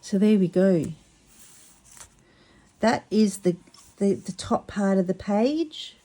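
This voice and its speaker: A mellow-voiced woman talks through a craft project at her table. She is chatty and excitable, often tripping over her words. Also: medium pitch, slow. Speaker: craft vlogger. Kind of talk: casual craft demonstration.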